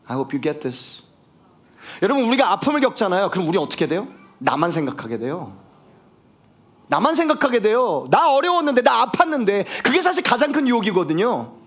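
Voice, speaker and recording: A man preaching a sermon as pastor, switching between English and Korean and growing fired up, rising to shouts for emphasis. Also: high-pitched. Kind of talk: bilingual sermon.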